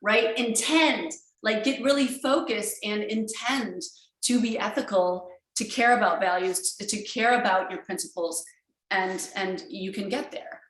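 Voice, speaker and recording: A woman giving a conference keynote over a video call, talking in an energetic, emphatic way with many fillers and restarts. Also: medium pitch, measured pace, reverberant, poor audio. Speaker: keynote speaker.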